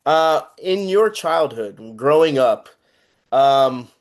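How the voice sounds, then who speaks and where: Casual man hosting an interview, mid-pitched, relaxed and hesitant. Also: slow pace. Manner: relaxed, laughing, hesitant questions.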